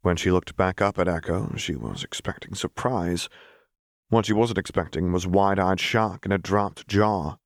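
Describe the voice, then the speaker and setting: A man reading a fan fiction audiobook in a very low, measured voice. The narration is steady and close, with a dry sound and no room echo.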